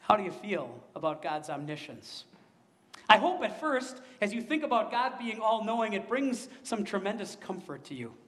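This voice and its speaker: A man with a high voice preaches a sermon. He speaks earnestly and keeps turning to his listeners with questions. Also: sing-song, moderate pace, a bit bright, in a large hall. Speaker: pastor.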